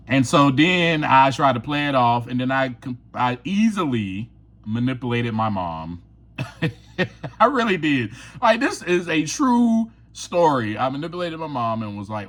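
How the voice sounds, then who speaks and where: A man's voice: mid-range voice, lively intonation, moderate pace, fairly bright tone. A man hosting his own podcast, telling a personal story in a candid, confessional way and laughing often. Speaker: podcast host.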